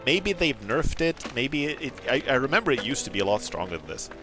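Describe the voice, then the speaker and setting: A man streaming a video game, commenting casually, excitable, swearing and laughing often. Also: medium pitch, fairly quick, music in the background. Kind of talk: let's play commentary.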